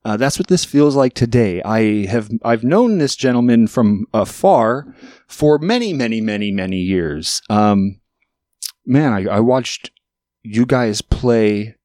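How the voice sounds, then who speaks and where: A man's voice: lively intonation, slow, darkish tone, dry recording. Rambling self-mocking man, dry sound. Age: 30s. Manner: rambling and self-mocking, with sudden pitch jumps. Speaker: podcast host. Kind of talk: casual chat. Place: studio.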